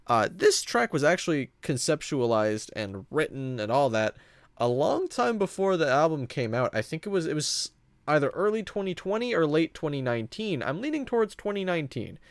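Talking alone on his own podcast, a man rambles casually, full of fillers and self-corrections. His voice is a little high, and there's no echo.

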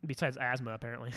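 A young man telling stories on a casual podcast, swearing a lot and animated. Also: medium pitch. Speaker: podcast co-host.

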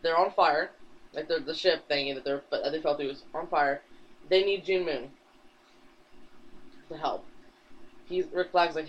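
A man co-hosting a podcast, casually retelling a comic book plot in a rambling way, swearing freely and dropping into quick character voices. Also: fairly high pitch, fairly even intonation. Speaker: podcast co-host. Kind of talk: casual chat, recapping a comic. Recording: dull lo-fi recording.

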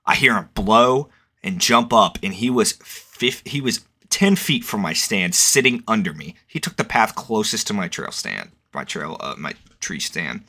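A man's voice: fairly low pitch, animated, unhurried, sharp tone. A young man in casual chat, rambling and swearing, with lots of fillers. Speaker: podcast co-host.

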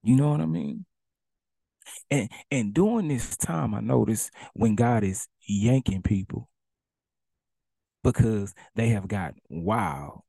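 Gravelly preaching man, dark tone. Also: on the low side, expressive, slow, pauses often, dry recording. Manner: preaches in casual dialect, acting out commands and swinging between loud and hushed. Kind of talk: sermon.

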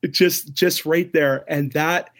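A middle-aged man, a ministry leader, telling an animated story as an interview guest, acting out the voices of others and laughing often. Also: fairly high pitch, slow pace.

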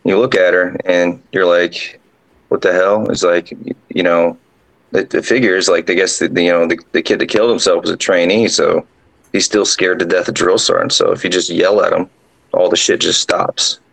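A drill sergeant guest casually telling a ghost story, rambling along with lots of fillers. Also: male voice, deep voice, steady tone, moderate pace, vocal fry, fairly bright tone, poor audio.

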